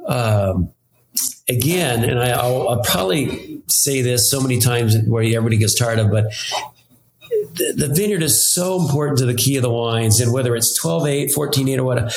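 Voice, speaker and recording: A man's voice: medium pitch, vocal fry. An older man telling long, rambling stories in a friendly, chatty way, quoting other people's words as he goes. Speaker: winemaker. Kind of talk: anecdotal storytelling. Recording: roomy room with faint background noise.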